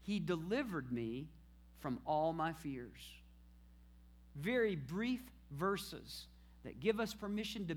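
A man preaching a sermon, asking the congregation questions and answering them himself. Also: on the high side. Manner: call-and-response preaching, rising to shouted praise at the end.

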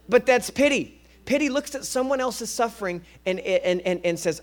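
A man preaching a sermon as a guest preacher, energetic and conversational, often repeating words as he restarts. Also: high-pitched, normal speed, hardly any pauses.

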